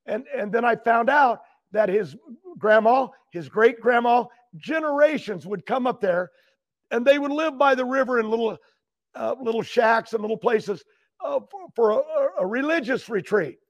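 An older man, a guest, telling long rambling stories that keep restarting, with frequent throat clearing. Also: very high-pitched, animated, normal speed, highs cut off. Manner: loose, meandering, keeps restarting and clearing his throat. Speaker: guest, racing driver. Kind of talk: rambling storytelling.

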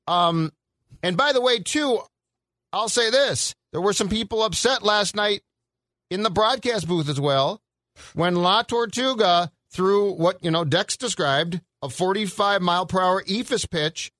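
A man's voice: high voice, measured pace, sharp tone, dry recording. A middle-aged man hosting a sports talk show, ranting in a sarcastic, exasperated and emphatic way. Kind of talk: heated sports radio rant.

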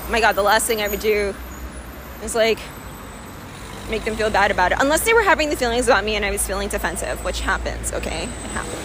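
A woman's voice: mid-range voice, animated, fast talker, background noise. Woman rambling emotionally outdoors. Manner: raw, emotional, rambling with frequent fillers. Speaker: vlogger. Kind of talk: candid personal vlog monologue.

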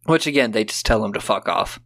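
A man's voice: lowish voice, lively intonation, fairly quick, vocal fry, fairly bright tone. A man co-hosting a podcast, casually and sarcastically recapping a film and acting out lines in silly voices. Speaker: podcast co-host. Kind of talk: casual movie-recap chat.

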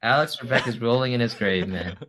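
A man's voice: mid-range voice, a little fast, a bit bright. A man co-hosting a casual podcast, playing a quiz contestant and joking, protesting and swearing.

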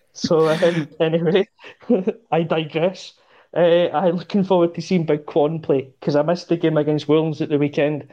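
Mellow man on a muffled line. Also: a little high, measured pace. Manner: relaxed, rambling, laughs easily. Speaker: podcast guest. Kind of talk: casual football chat.

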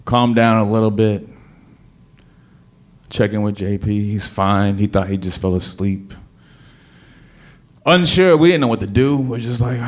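A man telling a personal story to an audience, animated and dramatic, often repeating words as he restarts. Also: lowish voice, normal speed.

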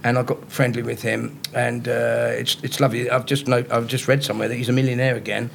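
Gravelly comedian telling stories. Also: male voice, mid-range voice, fast, slight background noise. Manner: animated, laughs through his own punchlines. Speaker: comedian guest. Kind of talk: anecdotal storytelling. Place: live podcast show in front of an audience.

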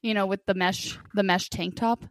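A young woman chats casually as a podcast co-host, playful and quick to giggle. Her voice sits at an ordinary middle pitch, and the recording is dry and close with little room sound. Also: fairly even intonation, dry recording. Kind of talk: casual chat.

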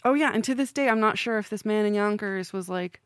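A woman's voice: mid-range voice, fast talker, no echo, clean studio sound. A woman from the New York area with a slight lisp, rambling wryly through stories on a podcast. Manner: rambling, wry, swearing. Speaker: podcast co-host. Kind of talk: casual storytelling chat.

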